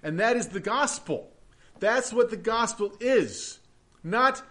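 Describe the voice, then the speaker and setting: A man preaching a sermon as pastor, earnest, swinging from loud emphasis to hushed prayer. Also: sits high, expressive, takes it slowly.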